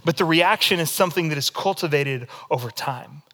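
A man preaching a sermon as pastor, telling stories in a demonstrative, animated way. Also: a little high, a little fast.

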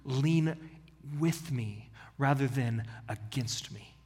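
A man voicing God in a sermon, calmly and patiently nudging a stubborn listener. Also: medium pitch, slow, in a large hall, close to an everyday voice.

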